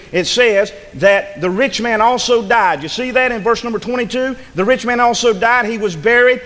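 Pastor, man, high-pitched and fiery, booming shouts dropping to near whispers, reverberant church hall. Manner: fiery preaching, swinging from loud shouts to hushed lows. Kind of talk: sermon. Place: church sanctuary.

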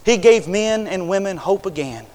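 Fervent preacher in a reverberant hall. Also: male voice, high voice, expressive, normal speed. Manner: swings between loud impassioned preaching and hushed, intimate delivery; reads scripture in King James wording with fervor. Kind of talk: revival sermon.

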